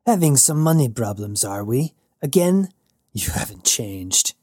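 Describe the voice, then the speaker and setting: A man's voice: medium pitch, sing-song, a little slow, a little mellow, slightly rough, no echo, studio quality. A man reading an audiobook, voicing a huge, stern woman pirate who speaks in a sneering, curt way.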